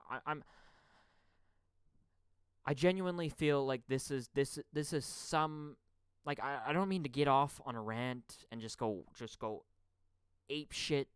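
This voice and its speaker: A man from Canada hosting a podcast, ranting angrily about politics. He swears a lot, stammers and repeats words, and swings between loud outbursts and muttering. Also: mid-range voice, slow, pauses often, clean tone, no echo. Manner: profane, stammering, repeats words when heated. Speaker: podcast host. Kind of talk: angry political rant.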